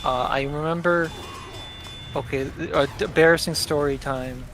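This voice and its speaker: A man's voice: a little high, fairly even intonation, moderate pace, over music. A young man streaming a game, chatting casually in a blunt and opinionated way.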